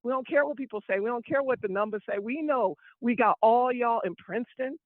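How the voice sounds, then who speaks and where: Animated woman on a tinny phone line. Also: fairly high pitch, brisk, no room sound. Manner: animated, preacherly storytelling. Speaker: co-founder and host. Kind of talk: casual talk on a group call.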